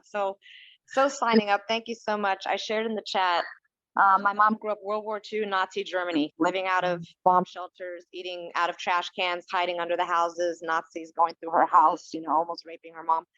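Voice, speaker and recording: A woman's voice: medium pitch, fairly bright tone, dry recording. A woman caller who works as a coach speaks in an earnest, emotional way. Her line sounds dull and lo-fi, with a dry, close feel. She talks openly and with feeling. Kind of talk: phone-in comment.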